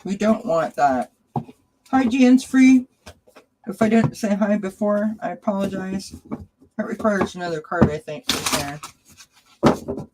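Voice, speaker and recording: A woman's voice: mid-range voice, unhurried, noisy background. Chatty woman hosting a live tarot stream. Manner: chatty and affectionate, addresses viewers by name. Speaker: tarot reader and channel host. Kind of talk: casual live-stream chat.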